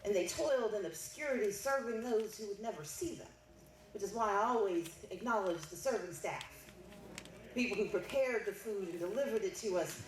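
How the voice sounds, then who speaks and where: Speaking at normal speed in a mid-range voice, a middle-aged woman gives a banquet keynote, recounting a family story and rising to emphatic statements. It's recorded in an echoey banquet hall with a distant mic and a little faint noise.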